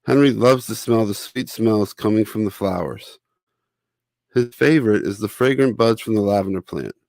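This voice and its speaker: Low-voiced man reading a children's book. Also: moderate pace, gravelly, darkish tone, no room sound. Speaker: author and narrator.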